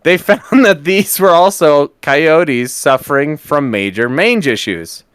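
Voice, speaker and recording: A man's voice: a little high, animated, takes it slowly, a bit bright, smooth, dry recording. Man, bouncy voice, stumbles over words, dry close mic, podcast co-host. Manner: stumbles over words, swears, laughs at himself. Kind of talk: casual podcast chat and reading.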